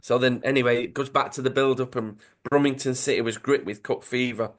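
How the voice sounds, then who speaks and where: A man's voice: mid-range voice, steady tone, fairly quick. A man co-hosting a podcast, retelling a comic story in an enthusiastic, chatty way. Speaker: podcast co-host. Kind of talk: casual chat, retelling a comic.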